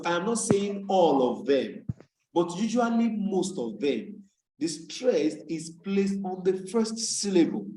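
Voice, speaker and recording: A man from Nigeria tutoring students over a video call, explaining rules step by step and repeating key words slowly to drill them. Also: on the high side, darkish tone. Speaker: English tutor. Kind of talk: online tutorial lesson. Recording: echoey room on a video call.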